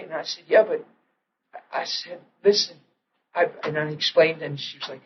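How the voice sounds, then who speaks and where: A middle-aged man preaching a sermon, telling a story with lively acted-out quotes. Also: sits high, moderate pace, long pauses. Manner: animated storytelling, acting out quotes, laughing. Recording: dull lo-fi archival audio with faint hiss.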